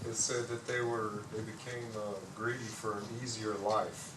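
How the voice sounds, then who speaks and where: A man's voice: fairly low pitch, flat delivery, moderate pace. Distant man speaking in an echoey room. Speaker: congregant. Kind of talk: discussion comment. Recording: distant roomy recording with background hiss.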